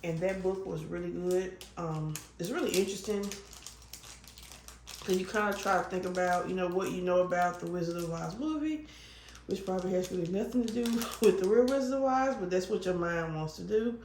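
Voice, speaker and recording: Talking as she works on a craft, this woman vlogger speaks a little fast in a lowish, darkish voice. Her chat wanders, with lots of ums and false starts and an occasional cough. The room sounds spacious, with a little noise in the background.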